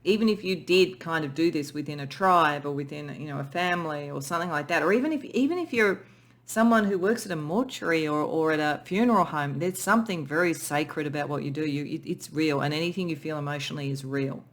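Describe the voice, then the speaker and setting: A tarot reader speaks gently and spiritually through a pick-a-pile reading, and is moved close to tears. Sentences often restart as the reader searches for words, with the voice sitting at a middle pitch. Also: a little fast. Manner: emotional, soft and spiritual, with many restarts. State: tearful.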